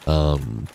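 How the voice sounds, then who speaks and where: A young man streaming a game, chatting casually with a deep, crackly chest voice on a high-quality microphone, laid-back and rambling with casual swearing. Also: warm tone. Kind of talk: casual livestream chat while gaming. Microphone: high-quality studio microphone.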